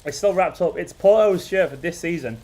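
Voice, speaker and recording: Chatty man, raised pitch. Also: brisk, mellow. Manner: rambling, chuckling, restarts sentences. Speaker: football fan channel host. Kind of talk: casual live watchalong chat.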